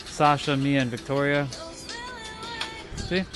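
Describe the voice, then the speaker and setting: A man's voice: on the high side, moderate pace, fairly bright tone, faint music behind. A young adult man chatting casually about his photos, loose and emphatic, repeating himself and swearing. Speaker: vlogger. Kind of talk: casual chat over photos.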